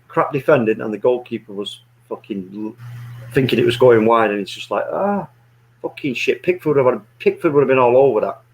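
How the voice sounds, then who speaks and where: A man's voice: medium pitch, slight background noise, rough recording. A man, co-hosting a football watch-along in casual, swearing banter. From England. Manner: loud, banter-heavy, swearing, laughing. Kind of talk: casual chat.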